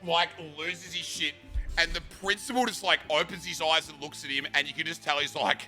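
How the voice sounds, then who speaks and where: A man's voice: on the high side, normal speed, sharp tone, faint music behind. A young Australian man casually telling a rambling, sweary school story, full of bro and dude. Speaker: streamer.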